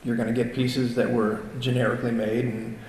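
A man's voice: medium pitch, brisk, echoey room, big-room sound, a little hiss or hum, rough recording. A man chatting casually in an interview, blunt and matter-of-fact about on-set pressure. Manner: gravelly, flat, blunt. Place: echoey room at a trade event.

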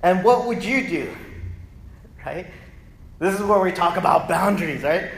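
A male pastor preaching a lively, conversational sermon that keeps checking in with the congregation. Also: high voice, normal speed. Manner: animated, conversational, often asks "right?". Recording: echoey hall, faint noise.

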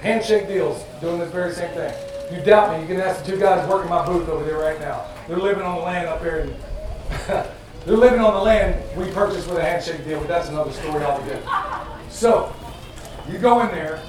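A man's voice: fairly high pitch, brisk. A man giving a live talk to an audience, chatting plainly and joking as he goes. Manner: joking, conversational, plain-spoken. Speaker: festival presenter. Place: event venue with audience. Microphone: far from the mic. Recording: very echoey, distant, noisy live room.

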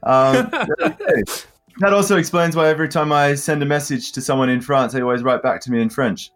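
A man's voice: on the high side, animated, normal speed, fairly bright tone. A man from London, a guest on a podcast interview, talking articulately about business with light self-deprecating humor. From London, England. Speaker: guest, startup consultancy founder.

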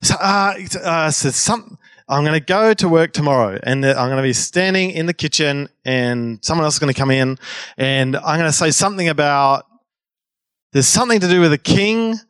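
A man's voice: fairly high pitch, normal speed, fairly bright tone, clean tone, dry recording. A man preaching a sermon in a conversational way, prompting the congregation and often restarting his sentences.

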